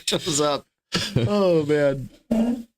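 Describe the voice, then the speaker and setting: A man's voice: on the high side, animated, extremely slow, a little mellow. A man hosting a casual morning podcast, chatty and laughing, rambling with restarts, with the hiccups today. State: has the hiccups. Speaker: podcast host.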